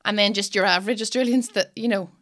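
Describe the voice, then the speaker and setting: Bright-voiced woman host. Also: mid-range voice, fast talker. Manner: chatty, teasing, laughs often. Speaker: podcast host. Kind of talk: casual chat.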